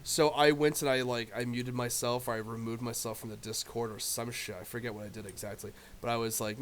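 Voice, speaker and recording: A man's voice: mid-range voice, flat delivery, brisk, few pauses. Casual male streamer, loose and profane, telling a story with a faint hiss behind. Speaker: live streamer.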